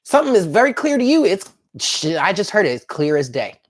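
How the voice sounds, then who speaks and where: A woman's voice: mid-range voice, very animated, a little fast, slightly rough. A woman giving a chatty live tarot reading, talking straight to her viewers in an upbeat way. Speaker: tarot reader.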